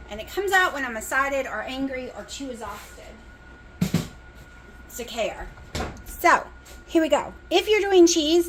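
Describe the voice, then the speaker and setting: Her voice slightly high and a bit bright, this exhausted cooking vlogger rambles chattily in a Southern US country accent as she cooks at home. The low-quality phone recording carries a little hiss or hum, and at times she talks with her mouth full.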